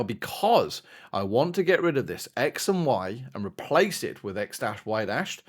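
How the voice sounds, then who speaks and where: A man with an Australian accent works through algebra as a maths teacher, his voice rising and falling in a lively, animated way. He keeps things chatty and encouraging, often checking in with viewers to make sure they are keeping up. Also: mid-range voice. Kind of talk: explaining algebra on a whiteboard.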